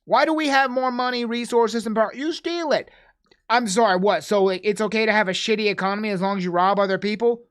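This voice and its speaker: Profane American streamer ranting heatedly. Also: female voice, fairly even intonation, fast talker, hardly any pauses, clean tone. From United States. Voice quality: profane, heated, swings between loud outbursts and low mutters. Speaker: streamer reacting to a video. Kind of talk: angry casual rant. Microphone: desk microphone.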